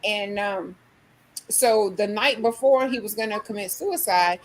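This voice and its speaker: A woman's voice: medium pitch, measured pace, low-quality recording. A woman in a discussion who retells a story earnestly, often saying "like". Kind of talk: casual discussion.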